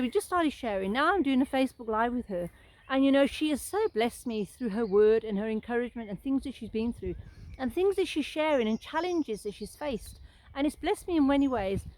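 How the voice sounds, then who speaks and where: Fast-talking earnest woman sharing faith. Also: a little high, a little mellow, poor audio. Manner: earnest, rambling storytelling with restarts. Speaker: Christian vlogger sharing encouragement. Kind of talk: casual live-stream testimony.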